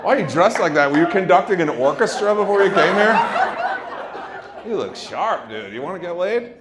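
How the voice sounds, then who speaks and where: A male stand-up comedian doing loud, teasing crowd work on a club stage. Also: high voice, very animated, normal speed, very noisy. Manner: loud, brash, teasing the audience. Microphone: handheld stage mic. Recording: live club with crowd laughter. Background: audience laughter.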